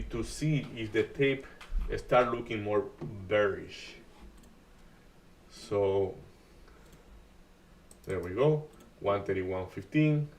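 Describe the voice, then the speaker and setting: A man's voice: medium pitch, far from the mic. Man talking through live trades. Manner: halting, restarts often, non-native grammar. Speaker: day trading stream host. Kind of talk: live market commentary.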